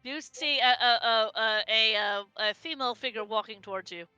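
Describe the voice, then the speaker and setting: A woman narrating as game master of a tabletop game, halting and repeating words. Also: fairly high pitch, sharp tone, clean tone, no echo, soft background music. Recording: dry, dull lo-fi mic.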